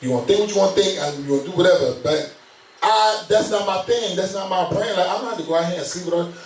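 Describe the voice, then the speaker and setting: A man in his thirties chatting casually as a co-host, relaxed and full of slang, often asking "you know what I'm saying?". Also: high-pitched, fast talker, a little hiss or hum. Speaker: podcast co-host. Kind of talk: casual chat. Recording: roomy sound, mic some distance off.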